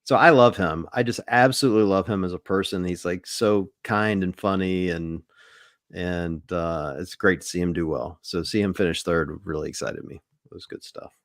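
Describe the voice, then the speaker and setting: Low-voiced man telling rambling stories. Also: normal speed, no room sound, studio quality. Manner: rambling, relaxed storytelling with many fillers. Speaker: podcast co-host. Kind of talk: casual podcast chat.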